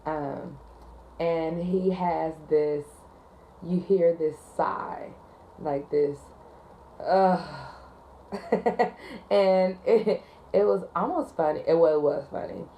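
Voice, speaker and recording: A woman with a low voice tells a story from her job as a 911 dispatcher in a relaxed, chatty vlog. She talks loosely, filling her pauses with ums and likes, with a faint hum of noise behind her. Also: poor audio. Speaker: 911 call taker and dispatcher.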